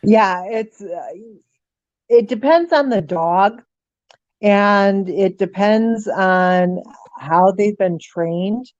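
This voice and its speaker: A middle-aged woman, a guest on an interview show, telling lively stories, voicing animals' thoughts and dropping frequent ums. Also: mid-range voice, extremely slow, no room sound, muffled recording. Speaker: guest, paranormal author. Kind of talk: casual storytelling interview.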